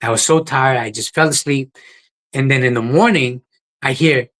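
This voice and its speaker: A man's voice: medium pitch, measured pace, vocal fry, bright, forceful tone, slightly rough, poor audio. A man, a podcast guest telling his life story in a plain-spoken, earnest way. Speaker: guest, ultra runner. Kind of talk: podcast interview, personal story.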